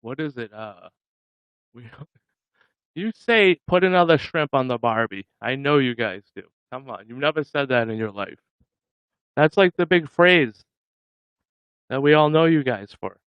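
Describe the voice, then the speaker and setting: A man's voice: medium pitch, animated, a little slow, pauses often, smooth, no echo, muffled recording. Jokey man hosting a livestream. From Massachusetts. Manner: jokey, laughing often, chatting with viewers. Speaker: livestream host. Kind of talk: casual livestream chat.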